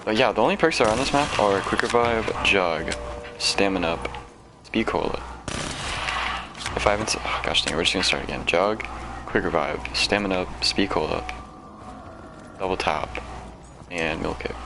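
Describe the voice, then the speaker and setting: A male streamer talking through his gameplay, rambling and poking fun at himself. His voice sits low. The audio carries a clear hiss of noise. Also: moderate pace, long pauses. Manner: rambling, chatty, self-deprecating. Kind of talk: casual gameplay commentary and storytelling.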